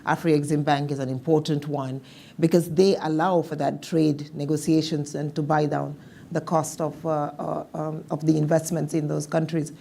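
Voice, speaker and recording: Woman, panelist, very low voice, warm, measured, thoughtful. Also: flat delivery, gravelly, a little hiss or hum. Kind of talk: panel discussion.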